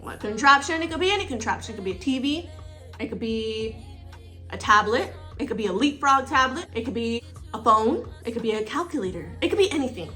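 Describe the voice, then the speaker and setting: A woman's voice: a little high, animated, a little fast, pushed and bright, soft background music. A woman casually retelling a storytime while getting ready, playful and coy, spelling out words and giving everyone silly code names. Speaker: storyteller vlogger.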